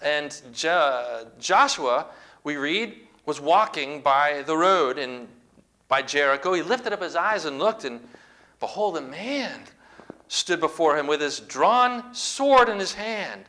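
A man's voice: on the high side, expressive, takes it slowly, sharp tone. A man preaching a sermon, retelling scripture with dramatic, emphatic storytelling.

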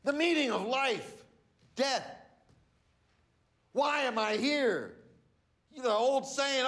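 A male pastor delivering a sermon in a high voice. He talks slowly and deliberately. He stresses single words to drive each point home. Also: expressive, fairly bright tone. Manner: emphatic, teaching with pauses and stresses.

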